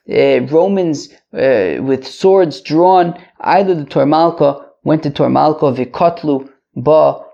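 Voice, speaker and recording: A man hosting a podcast, reading Aramaic phrases slowly and then paraphrasing them quickly in English, with casual asides. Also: fairly high pitch, vocal fry, dark tone. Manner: casual asides with frequent fillers. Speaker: podcast host teaching Talmud. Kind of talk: casual Talmud lesson, reading and translating. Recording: dull lo-fi audio.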